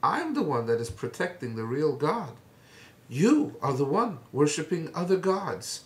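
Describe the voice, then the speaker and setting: A man's voice: on the high side, very animated, unhurried, far from the mic. A man voicing a bold male prophet who challenges his opponents confidently. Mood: defiant. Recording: echoey room.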